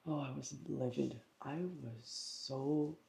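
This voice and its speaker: A woman's voice: extremely low pitch, steady tone, slow pace, vocal fry, background noise. A woman vlogger chatting casually at home, rambling through a story with lots of fillers. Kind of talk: casual vlog chat.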